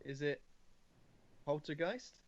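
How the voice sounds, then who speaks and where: A man's voice: fairly high pitch, animated, slow pace, lo-fi sound. A man co-hosting a podcast and answering quiz clues with hesitant, unsure guesses. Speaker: co-host, quiz player.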